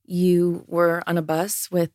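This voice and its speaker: Co-host, woman with a lowish voice, dry close-mic sound, encouraging interviewer. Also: flat delivery, slow, a little mellow, no room sound. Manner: supportive, frequent short affirmations. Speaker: podcast co-host. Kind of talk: interview questions, casual chat.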